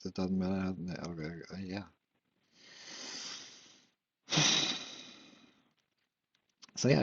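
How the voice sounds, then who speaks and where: A young man in an unscripted, rambling monologue, talking haltingly and questioning himself, with frequent restarts and casual swearing. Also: low voice, breathy edge, no echo. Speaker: vlogger. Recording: dull lo-fi, dry sound.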